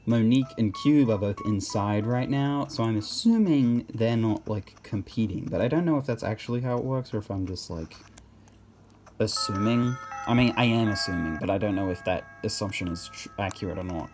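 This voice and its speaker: A man's voice: on the low side, normal speed, darkish tone, soft background music. A man giving casual gameplay commentary, rambling and hesitant with many restarts.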